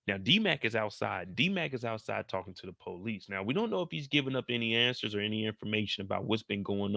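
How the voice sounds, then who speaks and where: Energetic guy breaking down a tv episode, slangy, super bright voice, dry close sound. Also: medium pitch, gravelly, no echo. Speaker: show recap host. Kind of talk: casual recap commentary.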